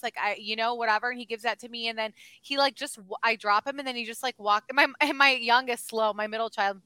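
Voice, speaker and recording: A woman in her thirties, a podcast co-host telling stories in casual chat, animated, filling her talk with "like" and "oh my gosh". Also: fairly high pitch, quick pace, hardly any pauses, clean tone, dry recording, rough recording. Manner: animated storyteller, lots of "like" and "oh my gosh".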